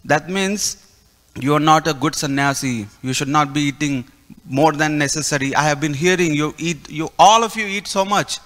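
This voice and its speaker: A man's voice: fairly high pitch, normal speed, in a large hall, natural voice. A man playing a harsh, fault-finding male ascetic who scolds and accuses. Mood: accusing. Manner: shouting, scolding.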